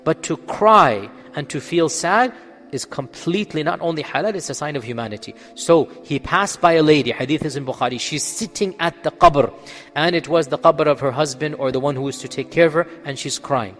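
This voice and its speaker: An Islamic scholar with a bright voice on the high side speaks briskly in a large hall, giving a religious lecture in answer to questions. He is emphatic, poses rhetorical questions and answers them himself, and checks in with listeners by asking "Okay?".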